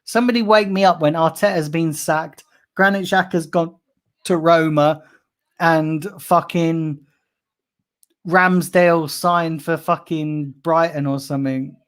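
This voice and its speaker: Brief: young bloke, fan-channel host, livestream rant, fuming, heavy swearing, biting sarcasm. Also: male voice, a little high, fairly even intonation, unhurried. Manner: angry, sweary, sarcastic ranting. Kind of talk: live-streamed fan rant.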